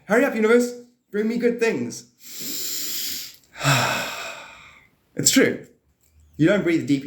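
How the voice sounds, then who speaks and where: A man hosting a live stream, rambling playfully about spirituality and now and then jumping into high excited bursts. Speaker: livestream host. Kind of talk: rambling spiritual livestream talk. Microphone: phone or desk mic on a live stream. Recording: echoey room.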